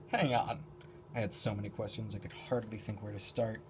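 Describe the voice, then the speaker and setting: A man reading a novel aloud in a casual, expressive first-person narration, moving between character voices. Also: fairly low pitch, a little fast, slight background noise. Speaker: audiobook reader.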